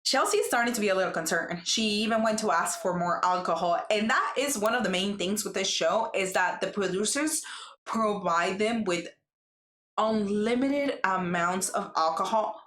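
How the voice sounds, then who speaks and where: A woman's voice: mid-range voice, moderate pace. Chatty woman recapping gossip, roomy echo. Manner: chatty, acts out quotes in lively voices. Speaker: recap vlogger.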